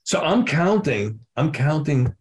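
A man's voice: a little high, sing-song, slow pace. An older man, a drummer being interviewed, telling a story with lots of acted-out quotes and casual swearing. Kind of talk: animated anecdote telling.

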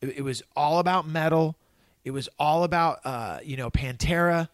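A guest in a casual chat, this middle-aged man from Northern California has a slightly high voice and a normal speaking speed. The clean, dry studio sound captures him telling lively stories, cursing freely and acting out other people's lines.

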